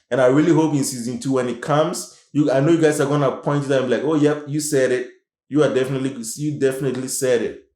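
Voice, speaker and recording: A man reviewing a TV series in casual commentary, animated and emphatic, repeating his points. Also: mid-range voice, roomy sound. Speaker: show reviewer.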